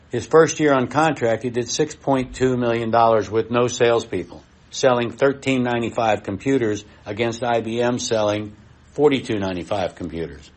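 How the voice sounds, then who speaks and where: A middle-aged man with a lowish voice presents at a live expo. He talks in a blunt, folksy way and speaks directly to the people in the room.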